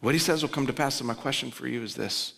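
A man preaching a sermon as pastor, swinging between loud urgent pleading and low, quiet emphasis. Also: fast talker, creaky. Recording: long reverb of a large hall.

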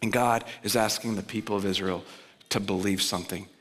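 A man preaching a sermon as pastor, swinging between loud urgent pleading and low, quiet emphasis. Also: steady tone, brisk. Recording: long reverb of a large hall.

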